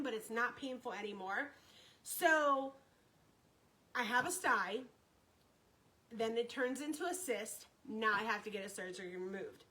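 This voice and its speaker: A woman's voice: high voice, bright, forceful tone, low-quality recording. A woman telling a story on her live stream, chatty and repetitive, greeting viewers by name as she talks.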